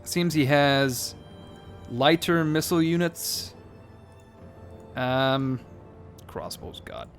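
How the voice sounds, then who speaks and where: A man's voice: mid-range voice, extremely slow, long pauses, soft background music. A man giving casual let's play commentary on a strategy game, sarcastic and joking, swearing and rambling as he plays. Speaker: gaming commentator.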